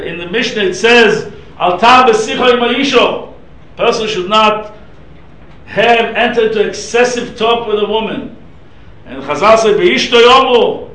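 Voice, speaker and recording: Middle-aged male rabbi, emphatic class lecture, very high bright voice, recorded from across an echoey room. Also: distant mic. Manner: emphatic, storytelling, mixing Hebrew and Yiddish terms.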